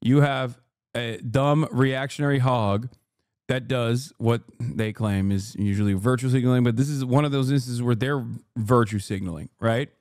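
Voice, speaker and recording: A man's voice: medium pitch, moderate pace, a little mellow, no room sound, clean studio sound. A male streamer giving live reaction commentary in a profane, sarcastic, ranting way.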